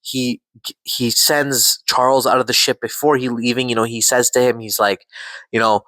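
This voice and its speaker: Excitable swearing man, dry sound. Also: medium pitch, normal speed, dry recording, rough recording. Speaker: podcast show reviewer. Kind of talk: casual excited review chat.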